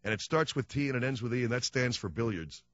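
A male radio talk host rants sarcastically through a comic monologue, his pitch swinging all over the place. The sound is dry and a bit dull, with no room around it. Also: expressive, fast, a bit bright, no echo. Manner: ranting, sarcastic.

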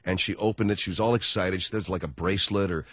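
A man hosting a radio call-in show, telling a story with lots of energy and acting out both sides in a high mock voice. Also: fairly even intonation, racing, a bit bright, dry recording. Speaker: radio talk show host.

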